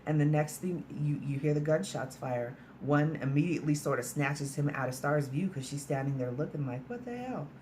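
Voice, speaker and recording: A woman's voice: sits low, steady tone, normal speed, few pauses, warm tone, a little hiss or hum. A woman casually recapping a film's plot in a chatty, storytelling way, sprinkled with "like" and mild swearing. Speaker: movie reviewer.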